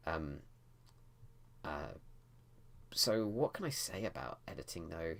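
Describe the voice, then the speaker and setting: A man's voice: low voice, fairly bright tone. A man talking casually to camera about editing his book, rambling with frequent restarts. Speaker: writing vlogger.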